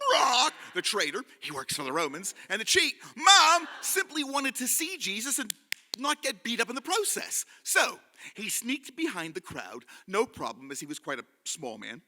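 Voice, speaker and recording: Man, live storyteller, audience call-and-response, high lively voice, long hall reverb.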